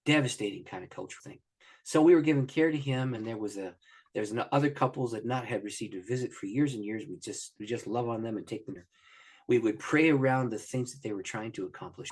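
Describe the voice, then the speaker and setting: A man's voice: medium pitch, husky. A middle-aged man, a pastor, animatedly telling a story as a guest on an interview podcast, acting out the dialogue. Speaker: guest, pastor and prayer minister.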